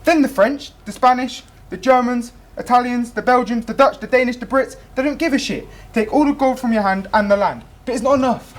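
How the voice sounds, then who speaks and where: A woman's voice: on the high side, fairly quick, few pauses, natural voice. A young actress playing a female gamer who answers in clipped single words and then tells a long rhythmic story. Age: young adult. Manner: clipped repeated replies, then flowing rhythmic telling. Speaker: student actor in a youth theatre play. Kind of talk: stage play performance.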